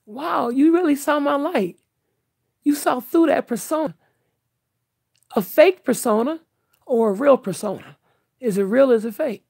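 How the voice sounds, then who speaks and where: A woman's voice: high-pitched, darkish tone, breathy edge, dry recording. An older woman talking candidly to her viewers in an earnest, emphatic, outspoken way. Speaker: vlogger.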